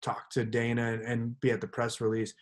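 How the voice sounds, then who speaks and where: A man's voice: medium pitch, completely flat delivery, brisk. A young man co-hosting a podcast, telling a rambling story and acting out the quotes in casual chat. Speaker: podcast co-host.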